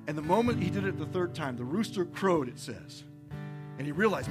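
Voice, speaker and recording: Lively man preaching over guitar. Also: a little high, a little fast. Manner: conversational, energetic preaching with repetition. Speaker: pastor. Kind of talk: sermon. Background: soft guitar music.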